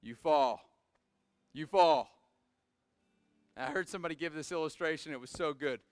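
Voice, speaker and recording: A man preaching a sermon to a live audience. He swings from hushed pleading to shouted exhortation and drops in casual, joking asides. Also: fairly high pitch, moderate pace, clean tone, no room sound. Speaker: pastor.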